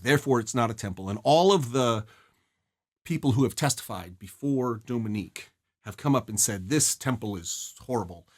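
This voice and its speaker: A man presents a study guide in an earnest, emphatic way. His slightly husky voice swings widely in pitch and jumps high on the words he wants to stress. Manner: earnest, emphatic, rises sharply on key phrases. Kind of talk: explaining a novel's scene and song lyrics.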